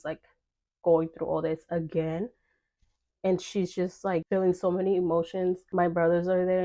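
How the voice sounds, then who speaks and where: Young woman telling a story to her viewers, kinda low and warm voice, acts out what people said. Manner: chatty, filler-heavy, acts out quoted dialogue. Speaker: vlogger telling a personal story. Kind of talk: casual storytime chat.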